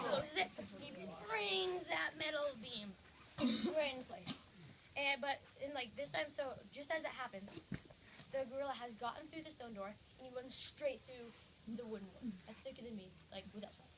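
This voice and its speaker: A young female storyteller retelling a wild chase, rambling and excitable with constant fillers, in a recording with steady background noise. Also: high-pitched. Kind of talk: casual spoken storytelling. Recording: noisy recording with clicks.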